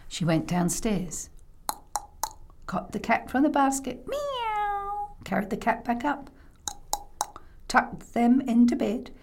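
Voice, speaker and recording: Woman storyteller for kids, slow and expressive, does sound effects, high voice. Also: creaky, a little hiss or hum. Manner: playful, with vocal sound effects and audience prompts. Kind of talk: oral storytelling for children.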